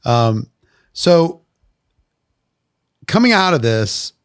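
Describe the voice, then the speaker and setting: A man's voice: mid-range voice, very animated, extremely slow, smooth. A man hosting an interview, asking conversational questions and reacting briefly. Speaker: interview host.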